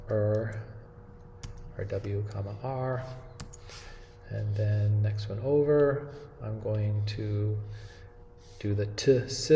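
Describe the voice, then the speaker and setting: A man with a lowish, mellow voice talks through an animation tutorial step by step, often pausing to ask "okay?". His voice carries a roomy echo with a long tail, and a faint hum of room ambience sits behind it. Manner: relaxed step-by-step explaining with frequent "okay?" checks. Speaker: animation instructor. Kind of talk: screen-recorded software tutorial.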